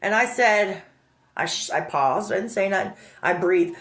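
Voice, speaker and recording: A woman telling a personal story in an animated, indignant way, acting out the dialogue. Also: on the low side, moderate pace. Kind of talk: emotional storytelling. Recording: roomy echo.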